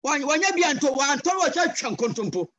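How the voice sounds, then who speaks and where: A man with a Ghanaian accent preaching a sermon over a video call, passionate and switching between English and Twi with sudden loud cries. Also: very high-pitched, sing-song, quick pace, dry recording. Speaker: guest pastor.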